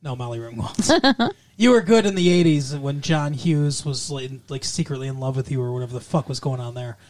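A man's voice: medium pitch, brisk, a little mellow. Wisecracking man on a chatty podcast. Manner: joking, wisecracking, swears. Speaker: podcast co-host. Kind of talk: casual chat reviewing a TV show.

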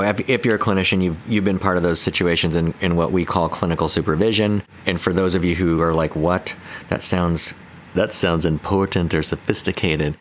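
Low-voiced male counselor, loose and rambling, quick to laugh, faint noise behind. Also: fairly bright tone. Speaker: counselor and podcast co-host. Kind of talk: casual conversational podcast.

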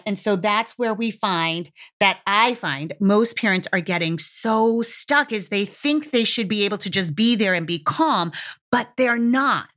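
A woman talks straight to her listeners in a parenting podcast monologue. She is candid and casual, tossing in the occasional curse, and her voice sits at an ordinary middle pitch. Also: fairly bright tone. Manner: frank, candid, casually profane, conversational.

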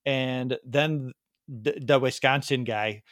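A man's voice: mid-range voice, steady tone, slow pace, a bit bright, dry recording. Chicago-accented male podcast host, casual rambling storyteller, dry close mic. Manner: rambling storyteller, laughs at himself. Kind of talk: casual chat.

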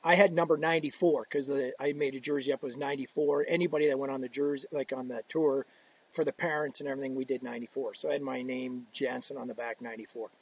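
A man telling a story on a podcast as a guest, animated, swearing often and acting out what people said. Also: medium pitch, fast, husky, low-quality recording. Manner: animated, swearing, acts out quotes. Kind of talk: casual storytelling.

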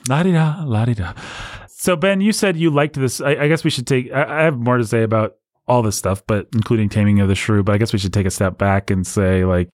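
A man with a low voice talks through film history in a relaxed, rambling way. He restarts his sentences often. The sound is dry and close. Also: a little fast, hardly any pauses, no room sound. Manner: talkative, explanatory, many restarts. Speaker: podcast host. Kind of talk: casual film discussion.

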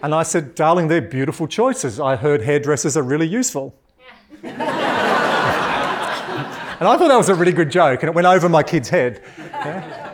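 An Australian man giving a live keynote in a large hall, joking and energetic as he talks with the audience. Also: fairly high pitch, normal speed, long pauses, a crowd in the background. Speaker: keynote speaker.

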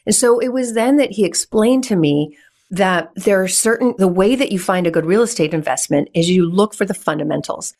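A woman, a guest on a podcast, telling stories in an animated way, often laughing and acting out dialogue. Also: mid-range voice, a little fast. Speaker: podcast guest, real estate investor. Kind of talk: conversational storytelling.

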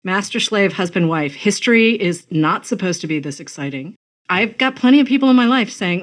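A woman from Massachusetts hosting a podcast interview, chatty and enthusiastic with quick asides. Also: medium pitch, animated, fairly bright tone. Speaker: podcast host. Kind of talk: casual interview chat.

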